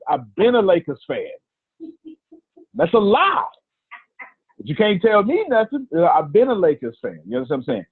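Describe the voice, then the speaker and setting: A man who coaches in business, telling stories in a loose, animated way and repeating phrases for emphasis. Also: on the high side, husky, dry recording. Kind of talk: casual coaching talk. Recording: tinny phone-like line.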